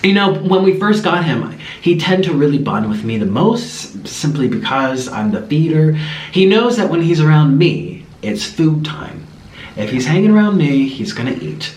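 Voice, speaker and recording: Rambling, animated man vlogging. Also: on the high side, moderate pace, roomy sound. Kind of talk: casual chat to camera.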